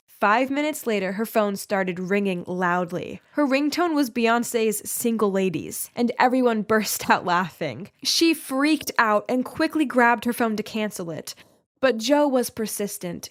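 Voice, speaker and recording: A young woman telling a first-person story in lively, expressive scripted narration. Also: on the high side.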